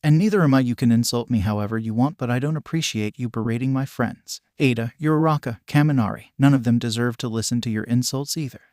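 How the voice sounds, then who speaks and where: A man's voice: medium pitch, fast talker, hardly any pauses, no room sound, clean studio sound, lightly acted. A man voicing an earnest, kind-hearted teenage hero. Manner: calm, steady, sincere.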